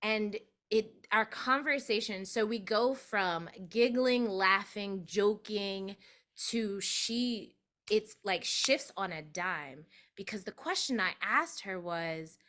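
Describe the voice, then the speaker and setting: Woman doula guest, lively storyteller, bright and forceful tone. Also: takes it slowly. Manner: animated, acts out quoted voices with big pitch jumps. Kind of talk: storytelling in an interview.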